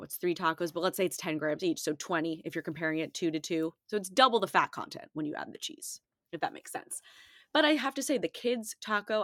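A woman's voice: fairly low pitch, dry recording, clean studio sound. A woman dietitian hosting her own show, chatting emphatically and casually while rattling off numbers. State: out of breath. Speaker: dietitian podcast host. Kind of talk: casual solo talk.

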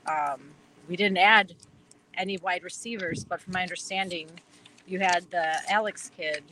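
A woman's voice: on the low side, steady tone, normal speed, background noise. A woman with a Wisconsin accent, chatting eagerly as an interview guest, rambling with lots of fillers. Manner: enthusiastic, rambling with many fillers. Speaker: guest fan. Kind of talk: casual interview chat.

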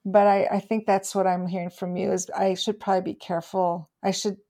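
A woman's voice: mid-range voice, flat delivery, fairly quick, mellow. A woman co-hosting a podcast, chatting casually and often stammering as she restarts her sentences. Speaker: podcast co-host. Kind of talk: casual chat.

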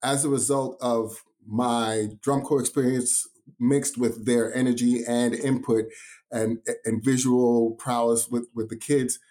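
A man's voice: medium pitch, little pitch movement, measured pace, mellow. A man from New York, a drumline instructor, telling his story as a guest in a casual podcast interview with enthusiastic emphasis.

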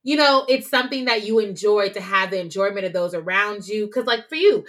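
A young adult woman co-hosting a casual podcast chat, blunt and animated as she tells stories. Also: medium pitch, fairly quick. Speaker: podcast co-host.

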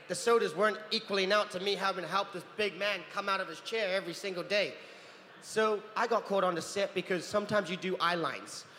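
A man in his thirties from New Zealand, telling animated stories as a guest on a convention panel and acting out other people's voices. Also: high voice. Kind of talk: anecdotal storytelling. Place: large convention hall. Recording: convention hall with reverb and faint noise.

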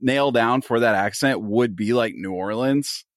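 A man from New England co-hosting a podcast, chatting in a relaxed, joking way and laughing easily. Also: medium pitch, a little slow, no echo, studio quality. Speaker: podcast co-host. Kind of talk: casual chat.

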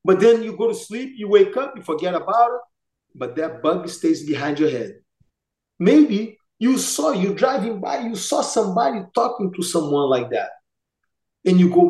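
A man's voice: sits high, moderate pace. A middle-aged man with a Brazilian accent, a martial arts master telling casual stories and acting out the voices of the people in them. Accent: Brazilian Portuguese. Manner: animated, acts out quoted voices. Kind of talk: casual storytelling. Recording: echoey room.

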